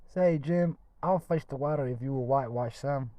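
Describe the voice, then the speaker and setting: A man's voice: medium pitch, normal speed, lo-fi sound, pitched above the performer's own voice, natural voice. A man voicing a mischievous boy who eagerly coaxes a friend into doing his chores, as a storybook read aloud. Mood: coaxing.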